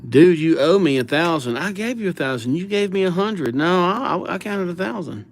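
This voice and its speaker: A man's voice: high-pitched, expressive, normal speed. A man hosting a casual livestream, reading out viewer names while he writes them, in an easygoing way. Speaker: livestream host.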